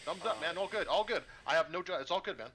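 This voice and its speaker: A man's voice: high-pitched, animated, quick pace, a bit bright, husky. A man playing a tabletop game, laid-back and laughing, slangy. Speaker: player. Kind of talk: casual chat at a game table.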